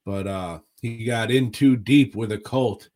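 Slow, low-voiced man reviewing movies. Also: a little mellow. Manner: laid-back, profane, chuckling. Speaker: podcast co-host. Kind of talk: casual movie review chat.

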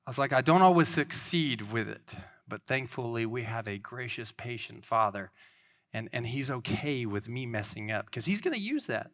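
A man in his thirties preaches in a loose, conversational way. His voice is bright and clear, and his delivery is earnest and rambling, full of restarts. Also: medium pitch, very animated, moderate pace. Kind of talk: informal sermon.

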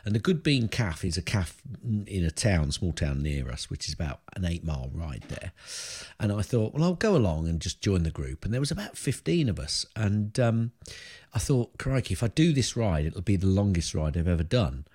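A lower-pitched English man with a slightly husky voice co-hosts a podcast. He chats casually, his pitch swinging widely as he jokes around. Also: normal speed. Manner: jokey, animated, laughs easily. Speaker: podcast co-host. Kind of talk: casual chat.

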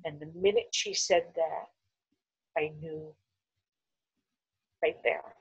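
A woman's voice: low-pitched, slow, pauses often, husky, highs cut off. A middle-aged woman telling her own story as a podcast guest. She slips into the voices of the people she quotes. At the heavy moments her voice falls almost to a whisper. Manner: animated storyteller, acts out quoted voices, drops to near whisper at hard moments. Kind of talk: personal storytelling interview.

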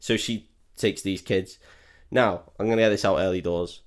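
In a low-pitched voice with fairly even intonation and moderate pace, a podcast host chats casually through a film recap. He's sweary and jokey and shouts characters' lines in put-on voices.

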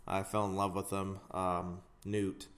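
A man co-hosting a podcast in casual chat, easygoing and a little rambling, his voice dropping softly at the ends of his sentences. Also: low voice, flat delivery, unhurried. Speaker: podcast co-host.

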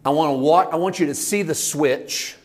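A man preaching to a congregation in an easygoing, conversational way. His voice sits a little high, and he swings from loud, excited peaks down to low, hushed asides. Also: normal speed. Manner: animated, conversational preaching with sweeping pitch and volume swings. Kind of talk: sermon.

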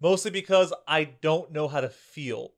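A man with a notably high voice chats on a podcast. He gushes about things he loves, loose and rambling, dropping in casual curses. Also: unhurried. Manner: enthusiastic, swears freely, lots of "like" fillers. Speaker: podcast co-host. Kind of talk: casual chat.

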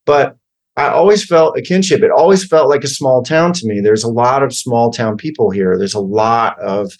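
A man's voice: medium pitch, normal speed. A man in his fifties from Oklahoma, a guest actor who tells stories casually and keeps correcting himself mid-sentence. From Oklahoma, USA. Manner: rambling, self-correcting, wry. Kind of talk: casual interview storytelling.

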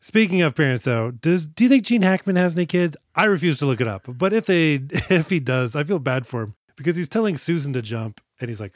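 A man trades jokes about a film as co-host of a casual podcast. He laughs often and slips into quick impressions of the characters. His voice sits at a middle pitch and sounds dry and close. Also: lively intonation, no room sound. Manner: jokey, laughs often, acts out lines from the film. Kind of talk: casual movie review banter.

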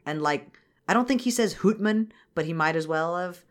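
A woman's voice: sits low, expressive, brisk, clean tone. A woman co-hosting a podcast, recapping a cartoon film in casual chat, laughing, swearing and acting out scenes in silly voices. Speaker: podcast co-host.

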